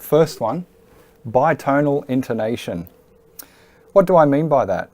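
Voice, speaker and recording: A man's voice: mid-range voice, lively intonation, unhurried, warm tone, dry recording. A man teaching pronunciation in a video lesson, explaining patiently and stressing key points. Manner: clear, patient, emphatic teaching. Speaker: IELTS teacher. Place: Hong Kong.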